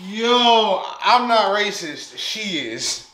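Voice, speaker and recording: A man's voice: sits high, very animated, extremely slow, pushed and bright, slight background noise. A man hosting a casual reaction chat, joking and laughing often as he talks. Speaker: reaction show host. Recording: roomy echo.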